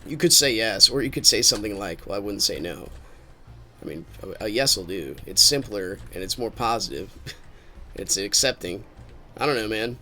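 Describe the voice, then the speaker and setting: A man's voice: on the low side, lively intonation, normal speed, sharp tone, soft background music. A man streaming a game with casual commentary, rambling and thinking aloud as he drifts into musings.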